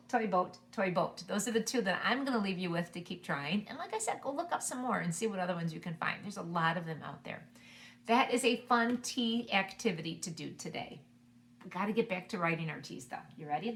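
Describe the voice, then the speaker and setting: A woman teaching a preschool circle-time lesson, talking slowly and encouragingly to young children. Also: on the low side, vocal fry, fairly bright tone. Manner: slow, sing-song, encouraging to young children.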